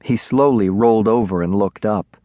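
A man narrating a children's storybook in a measured, expressive way on a close studio mic. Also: fairly low pitch, dry recording, highs cut off. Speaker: audiobook narrator.

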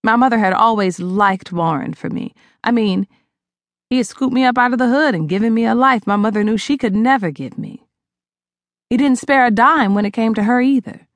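A woman narrating a novel in the first person, dramatic and expressive, on a close studio mic. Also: a little high, moderate pace, dry recording. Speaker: audiobook narrator.

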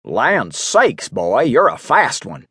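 A man voicing an excitable, folksy older townsman who talks urgently, with a husky edge. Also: medium pitch, takes it slowly, no echo, clean studio sound, exaggerated voice.

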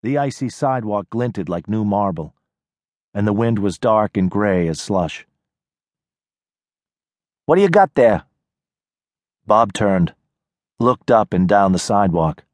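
Male audiobook narrator, low voice, very slow and measured, dry close-mic studio sound. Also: no room sound. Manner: measured, unhurried storytelling. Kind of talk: scripted narration.

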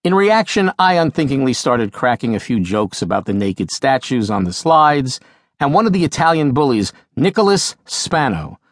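A man's voice: medium pitch, dry recording, clean studio sound. A man from New York narrating his own memoir as an audiobook with wry, comic timing. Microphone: studio microphone.

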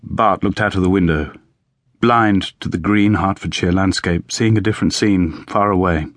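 Male audiobook narrator, low voice, measured reading, dry studio sound. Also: no echo. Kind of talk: scripted narration.

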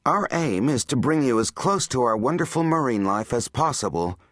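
A man voices a cheerful woman tour guide delivering rehearsed patter, pushing his voice up while staying close to an everyday voice. He has medium pitch, lively intonation, a fairly bright tone and normal speed, in a dry, clean studio recording.

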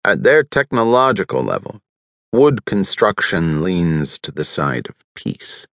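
A man's voice: low-pitched, very animated, a little slow, a bit bright, dry recording, heavily acted. A man doing a dry, sardonic official. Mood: measured.

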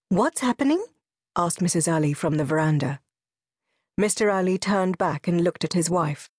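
Woman narrating an audiobook, low voice. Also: a little mellow, no room sound, studio quality.

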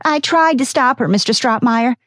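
A woman's voice: sits high, very animated, a little slow, darkish tone, dry recording, clean studio sound, pitched above the performer's own voice. A woman doing a nervous, pleading secretary. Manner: anxious, pleading.

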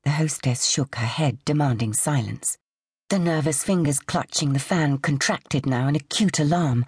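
A woman narrating a suspense audiobook in a measured, suspenseful way. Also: deep voice, husky, no echo, clean studio sound. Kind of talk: scripted narration.

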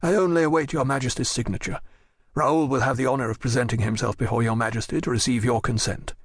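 A man's voice: medium pitch, steady tone, quick pace, breathy edge, dry recording, clean studio sound, close to an everyday voice. A man voicing a dignified older nobleman and father who pleads in courtly, earnest speech in an audiobook. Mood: pleading.

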